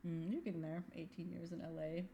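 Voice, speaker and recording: A woman in her fifties co-hosting a podcast, telling a travel story in a casual, animated way and acting out the voices of the people in it. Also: fairly low pitch, fast talker, slight background noise. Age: 50s. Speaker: podcast co-host. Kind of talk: casual chat.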